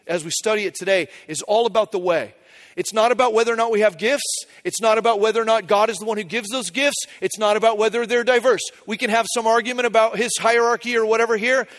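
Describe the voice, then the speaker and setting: High-voiced preacher, casual and chatty. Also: male voice, fairly bright tone. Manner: informal, storytelling with humor. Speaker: pastor. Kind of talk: conversational sermon.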